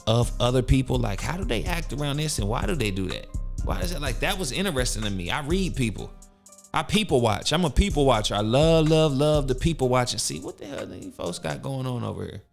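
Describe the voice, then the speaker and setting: A young man from West Virginia hosting a solo motivational podcast, talking emphatically with rhetorical questions. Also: mid-range voice. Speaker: podcast host.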